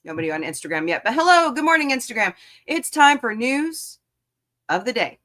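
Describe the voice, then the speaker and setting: A woman's voice: a little high, big pitch swings, a little fast, bright, forceful tone. A woman hosting a casual livestream talk show, joking around and greeting her viewers by name.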